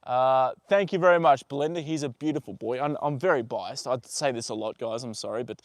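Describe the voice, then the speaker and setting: With a horse beside him outdoors, a man rambles easily through a casual live stream, reading viewer comments aloud with many fillers. His mid-range voice moves fairly quickly, and the recording from his tripod-mounted phone is dry.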